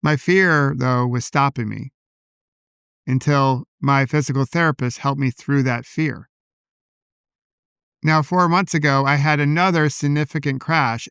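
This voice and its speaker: Smooth-voiced man hosting a reflective podcast. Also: mid-range voice, no room sound, clean studio sound. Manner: calm, personal, reflective. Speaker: podcast host. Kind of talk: reflective solo podcast talk. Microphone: podcast microphone.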